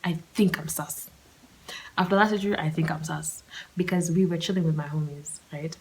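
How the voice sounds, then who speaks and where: Young woman, solo podcast host, casual storyteller, slangy, slips into whispers, slightly low voice. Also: brisk, a little mellow, rough recording. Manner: slangy, chatty, often drops to a whisper.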